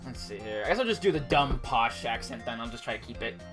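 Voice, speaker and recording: A woman's voice: very deep voice, lively intonation, fast, over music. A woman streamer giving wry, self-mocking asides while playing a game. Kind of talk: gameplay commentary with read-aloud voices.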